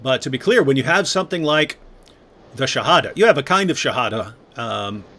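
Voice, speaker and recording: A man hosting a live online conversation, reading viewer questions and retelling stories with lively quoted voices. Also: mid-range voice, brisk. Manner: animated, acts out quoted voices. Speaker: host.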